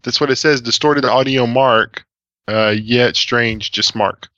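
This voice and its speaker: A man co-hosts a casual podcast, teasing the host with wry remarks. His voice is bright and forward, and the sound is dry. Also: medium pitch, slow pace, no room sound, lo-fi sound.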